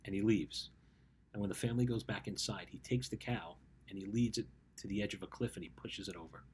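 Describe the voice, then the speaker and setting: A man with a fairly low voice gives a motivational talk in the easy manner of a coach speaking to teenagers. He tells a story, then turns to direct, conversational advice, often checking in with a quick "right?" A faint background sound sits under his voice. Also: a little mellow, a little hiss or hum. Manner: conversational, keeps asking "right?". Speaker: life coach for teens.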